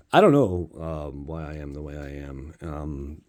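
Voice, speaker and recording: A man's voice: extremely low pitch, normal speed, hardly any pauses, mellow. A man casually opening trading card packs on his channel, playful and jokey, with goofy outbursts and rambling asides. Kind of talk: casual pack-opening commentary.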